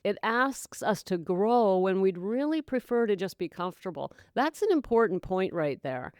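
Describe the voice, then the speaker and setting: A middle-aged woman hosting a sobriety podcast, giving an emphatic motivational talk that calls listeners "gals" and "my dear" and slips into hushed whispers. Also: mid-range voice, big pitch swings, moderate pace, smooth, dry recording, clean studio sound. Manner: dramatic voices and hushed whispers for effect. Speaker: podcast host, sobriety coach. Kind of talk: motivational monologue.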